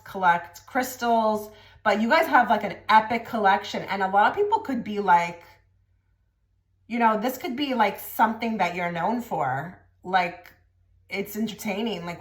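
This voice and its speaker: A woman's voice: medium pitch, moderate pace. Woman doing a casual tarot reading, blunt and to the point, lots of likes, mid voice, roomy echo. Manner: direct and blunt, many filler likes. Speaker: tarot reader. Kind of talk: casual pick-a-card reading to camera. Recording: echoey room.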